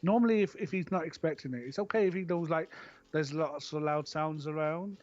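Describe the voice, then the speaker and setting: A Cornish man from Cornwall, England, chats casually on a stream in a fairly quick, darkish voice on the high side, captured on a muffled recording. He's hesitant, repeats his words, and calls people "my flower".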